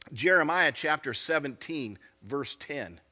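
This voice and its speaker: A man's voice: on the high side, lively intonation, slow pace, pushed and bright. A man preaching a sermon as pastor, earnest and asking his congregation questions. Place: church sanctuary.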